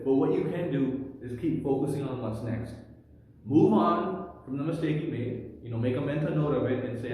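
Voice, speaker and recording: A man giving an energetic, animated, loud talk to camera with public speaking tips. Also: mid-range voice, normal speed. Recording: echoey room with long reverb.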